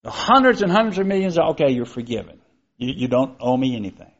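A man's voice: medium pitch, animated, fast, darkish tone. A man preaching a sermon, reading scripture aloud and explaining it in an earnest, repetitive way. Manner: earnest, repeats words, rising emphasis on key lines. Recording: slightly dull lo-fi sound.

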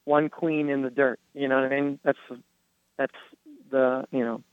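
A man sharing an earnest personal testimony on a faith podcast, telling his story with halting restarts. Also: medium pitch, flat delivery, clear, resonant tone, dry recording. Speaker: guest. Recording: tinny phone-like line.

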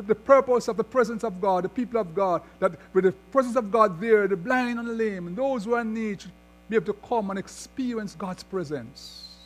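High-voiced male preacher with mains hum. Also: a bit bright. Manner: reads scripture then expounds with rising emphasis. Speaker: pastor. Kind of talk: sermon.

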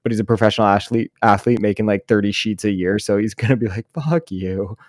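A man's voice: on the low side, level tone, fast, dry recording, clean studio sound. A man co-hosting a podcast, telling jokey anecdotes in casual chat and laughing along. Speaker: podcast co-host.

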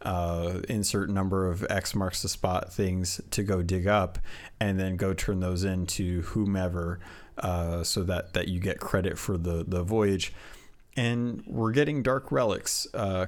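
Low-voiced man hosting a podcast. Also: fairly even intonation. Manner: halting, many restarts, asks questions. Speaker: podcast host. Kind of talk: casual gaming podcast chat.

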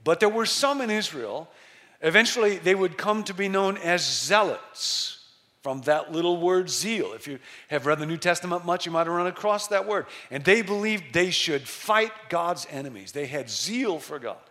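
Emphatic preaching man, slightly high voice. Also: lively intonation, pushed and bright. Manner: storytelling, emphatic, slows down for stress. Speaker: pastor. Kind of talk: sermon.

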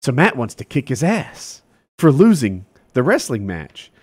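A man casually telling stories on a podcast, acting out the quoted people with loud outbursts. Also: mid-range voice, a little slow, husky. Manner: animated storyteller, acts out quotes loudly. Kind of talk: casual storytelling chat.

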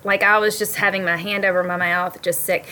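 Woman, chatty co-host, animated storyteller, acts out quotes; mid-pitched, faint background hiss. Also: brisk, low-quality recording. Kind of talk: casual chat among friends.

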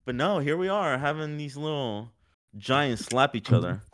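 Male podcast co-host for casual sports chat: rambling and animated, full of fillers. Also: medium pitch, moderate pace, a crowd in the background.

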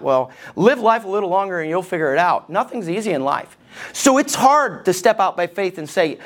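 A man's voice: high voice, very animated, moderate pace, fairly bright tone. Joking, conversational male pastor preaching. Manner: conversational, joking, checks in with the congregation. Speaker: lead pastor. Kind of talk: sermon.

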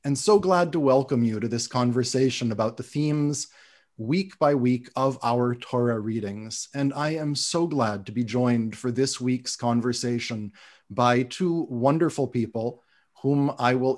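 An earnest man with a steady, mid-range voice hosts a scripture conversation. He welcomes listeners briskly before moving into a reading. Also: mid-range voice. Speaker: chaplain hosting a Torah discussion.

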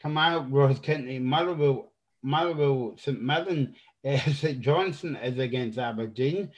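A Scottish man hosting a relaxed podcast. His voice sits at a middle pitch. He jokes and fills gaps with ums. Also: unhurried. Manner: joking, with many fillers. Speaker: host. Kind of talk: casual podcast chat.

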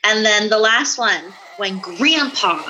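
A woman's voice: medium pitch, slow pace, background noise. A woman in casual chat, laughing often and acting out movie lines as she talks. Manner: giggly, animated, acts out movie lines.

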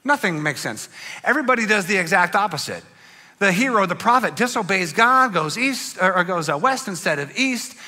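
Animated man preaching a story sermon. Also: sits high, a little fast. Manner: animated, dramatic storyteller who swings from loud to hushed. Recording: long hall reverb with faint music.

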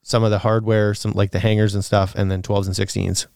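Low-voiced man rambling in a podcast Q&A. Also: level tone, brisk, gravelly, a little mellow, no echo, studio quality. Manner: rambling, thinks aloud with fillers and laughs. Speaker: podcast co-host answering listener questions. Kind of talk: casual podcast Q&A chat.

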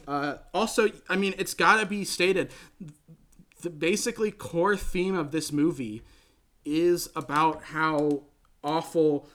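Rambling enthusiastic man with a high voice. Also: slow, fairly bright tone. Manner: rambling, enthusiastic, many fillers and restarts. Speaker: podcast host. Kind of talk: casual movie review chat.

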